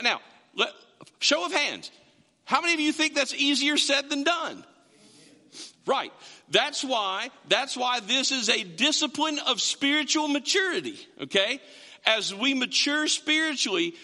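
A man's voice: very high voice, vocal fry, bright, forceful tone, big-room sound. A man preaching a sermon as pastor, in a conversational way, repeating words and asking the congregation questions, in a church sanctuary.

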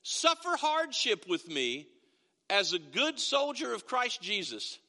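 A middle-aged pastor preaches a sermon in a church sanctuary, his high, bright voice ringing with a sing-song lilt at a slow pace. He tells stories in a folksy way, often stopping to restart phrases, and his words trail off into long reverberation.

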